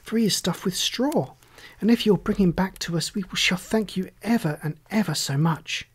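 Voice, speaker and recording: A storyteller voicing an earnest, eager young girl in a storybook reading, high and polite. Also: expressive, a little fast, a little mellow, natural voice.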